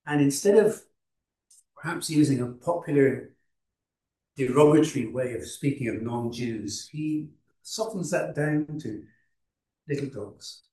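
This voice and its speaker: A man preaching a sermon, unhurried, with frequent restarts and fillers. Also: mid-range voice, mellow, recorded from a distance. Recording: roomy hall, voice from off-mic.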